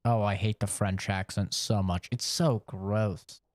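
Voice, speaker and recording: A man's voice: on the low side, fairly even intonation, a little slow, crowd noise. A man streaming a video game, commenting casually in a blunt, profane, sarcastic way.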